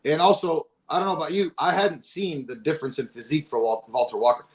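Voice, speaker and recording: This fight recap podcast co-host talks fast in a fairly high-pitched voice. Casual and profane, he keeps interjecting to hammer home his points.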